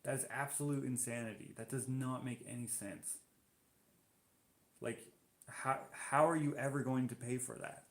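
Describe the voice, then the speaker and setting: A man's voice: mid-range voice, steady tone, moderate pace. A Canadian man hosting a live stream, chatting casually as he reads out viewer comments and reacts to them. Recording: roomy echo.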